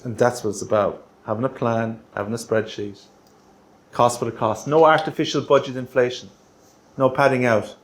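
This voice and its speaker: A middle-aged Irish man presenting a workshop in a meeting room, chatty and teasing, ending his points with a quick "right?". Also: medium pitch. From Ireland. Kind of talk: joking workshop talk.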